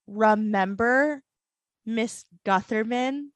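A woman in her twenties from the US South, hosting a podcast and telling stories in animated, laughing, profane casual chat. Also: on the high side, very slow, dry recording. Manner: animated, swearing, laughing storyteller. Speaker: podcast host.

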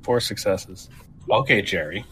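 A man's voice: fairly low pitch, lively intonation, measured pace, noisy background. A man playing a tabletop game, reporting his rolls in short, laid-back replies. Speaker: player. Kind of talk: casual tabletop play.

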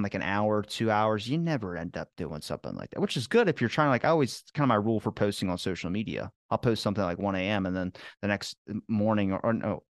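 A man's voice: lowish voice, no echo, studio quality. A man hosting a podcast in casual chat, telling stories animatedly and swearing freely. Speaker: podcast host.

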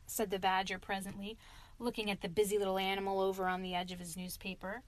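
A woman narrating a classic animal story in a calm, measured reading voice. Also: medium pitch.

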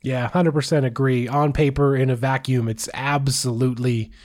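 A man's voice: medium pitch, steady tone, moderate pace, a little mellow. A man co-hosting a sports podcast, chatting casually and joking, with frequent restarts. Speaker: podcast co-host.

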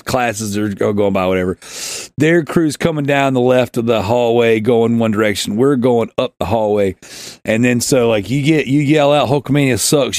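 A man's voice: medium pitch, no echo, clean studio sound. A man hosting a podcast, rambling through a funny story and laughing as he goes. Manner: rambling, laughing, acts out shouted quotes. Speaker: podcast host. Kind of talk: casual storytelling chat.

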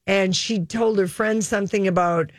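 A woman's voice: mid-range voice, fairly even intonation, moderate pace, no room sound, clean studio sound. Rambling, gossipy woman radio host. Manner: rambling, lots of fillers, gossipy. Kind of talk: casual entertainment chat.

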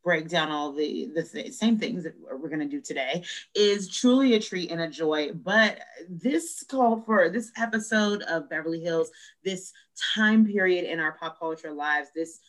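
Excited woman podcast host, slightly low voice, gushy and chatty. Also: a little slow. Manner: gushing, enthusiastic welcome. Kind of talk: casual podcast interview.

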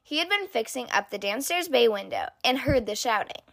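A woman reading a children's picture book aloud in an expressive, sing-song storytelling manner. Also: fairly high pitch, a little fast, creaky, no room sound, clean studio sound. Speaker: storybook reader.

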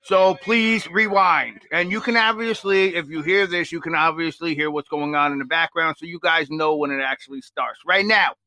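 A man hosting a casual radio watch-along, chatty and rambling with lots of fillers and sudden bursts of excitement. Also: fairly high pitch, fairly quick, hardly any pauses. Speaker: podcast host.

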